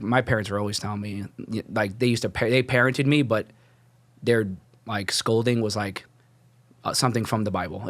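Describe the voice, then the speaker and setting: Young man, podcast guest, rambling testimony, lowish voice, dry close sound. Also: dry recording. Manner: rambling, many "like" fillers and restarts. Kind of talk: casual testimony.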